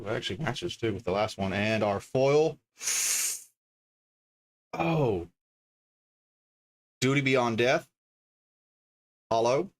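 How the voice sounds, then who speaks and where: Chatty man streaming from his desk. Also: fairly low pitch. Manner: chatty, thinks aloud, reads card names as he goes. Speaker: livestreamer opening card packs. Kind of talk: casual livestream chatter. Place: home desk.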